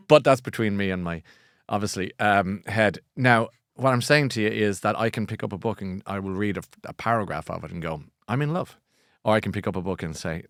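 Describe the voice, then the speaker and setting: A man with an Irish accent hosting a book show, chatty and animated, often laughing at himself. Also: lowish voice, no echo, clean studio sound. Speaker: host. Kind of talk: casual chat.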